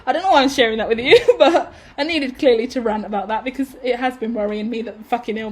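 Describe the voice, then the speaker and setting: A woman giving a casual, rambling tarot reading, swearing freely as she talks. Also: mid-range voice. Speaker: tarot reader.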